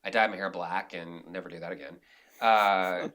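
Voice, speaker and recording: A man being interviewed on a podcast, a director and actor telling animated stories in a casual, rambling way with many restarts. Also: deep voice, moderate pace.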